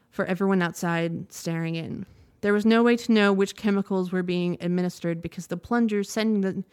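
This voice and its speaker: A woman reading a news report aloud in a measured, steady way, now and then stopping to correct a word. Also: lowish voice, clean tone. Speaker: news reader.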